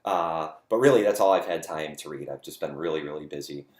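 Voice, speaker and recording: Man, very low voice, rambling casual chat, self-mocking host, echoey room at home. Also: a little fast. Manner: rambling, self-deprecating, lots of "uh" fillers. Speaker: host of a home video series. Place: dining nook at home.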